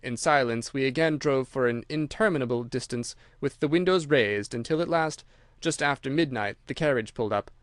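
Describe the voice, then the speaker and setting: Guy narrating an old detective audiobook, even steady reading, dry close mic. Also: mid-range voice, no room sound. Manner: measured, steady storytelling. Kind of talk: scripted narration.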